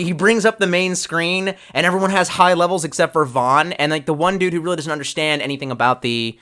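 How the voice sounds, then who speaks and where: A young man streams live, chatting loosely, swearing a lot, and trailing off then restarting as he reads chat. His voice is a little high, bright, and forceful, with a clean tone.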